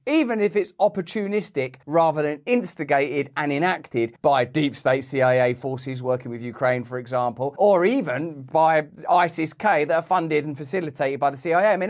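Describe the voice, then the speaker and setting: A man giving opinionated political commentary, sardonic with mocking asides. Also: a little high.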